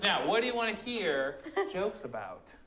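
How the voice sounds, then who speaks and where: A man from Oregon hosting a live improv comedy show, animated and jokey with the audience. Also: high-pitched, normal speed, echoey room, a crowd in the background. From Oregon, USA. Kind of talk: live stage emceeing. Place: comedy theater stage.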